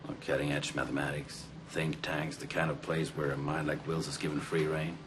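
A man's voice: a bass voice, level tone, moderate pace, noisy background. An actor playing a proud, pushy middle-aged male professor who speaks in an earnest, insistent way. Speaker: mathematics professor. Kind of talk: film dialogue. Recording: film scene with music behind.

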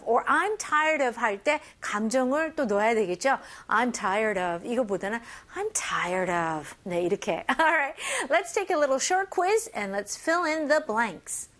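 A woman teaching English phrases to learners, switching between languages, modeling lines slowly and laughing between points. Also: on the high side, fairly bright tone. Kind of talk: bilingual language lesson.

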